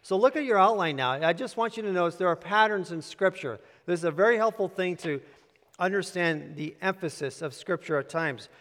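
Emphatic pastor in a reverberant hall. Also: male voice, sits high, a little fast, fairly bright tone. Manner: emphatic, repetitive, directs listeners to underline. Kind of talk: sermon with handouts.

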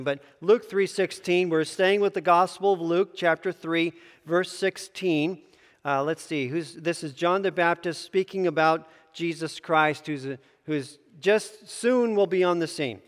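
A man's voice: on the high side, in a large hall. A man teaching a Bible study in a conversational way, with asides and self-corrections.

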